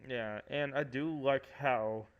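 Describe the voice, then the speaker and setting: A man's voice: mid-range voice, slow pace, lo-fi sound. Rambling Michigan man chatting casually. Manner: rambling, laughing often, many fillers. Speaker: podcast host. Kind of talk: casual chat.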